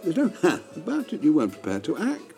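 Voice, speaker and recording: Man playing a pompous older actor, scolding, very swooping pitch, theatrical. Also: huge pitch swings, fast, vocal fry, warm tone, soft background music, full character voice. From Burnley, England. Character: a famous older male actor, pompous and stern.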